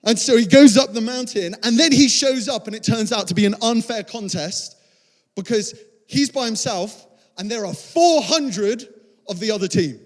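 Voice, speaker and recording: A young man preaches a sermon, spinning the story with animated voices for each character. His voice sits high and bright. Long church-hall reverb trails every phrase. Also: moderate pace. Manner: animated storytelling, acts out quotes. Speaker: pastor.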